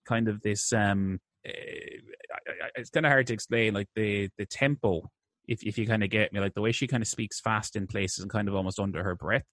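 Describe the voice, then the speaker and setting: Male podcast co-host, lowish voice, dry close sound, loose rambling delivery. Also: fairly bright tone, no room sound. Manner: rambling, hesitant, many restarts. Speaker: podcast co-host reviewing films. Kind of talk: casual chat.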